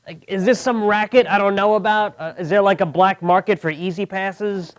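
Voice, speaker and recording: A young man from Long Island, doing a stand-up comedy set with a deadpan delivery. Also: sits high, moderate pace. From Long Island, New York. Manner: deadpan, mocking voices of others. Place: comedy club.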